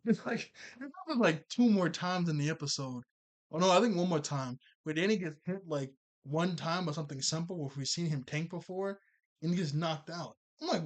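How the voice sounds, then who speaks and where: A man casually recapping a cartoon episode, rambling and chatty, full of filler words and quick self-corrections. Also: fairly high pitch.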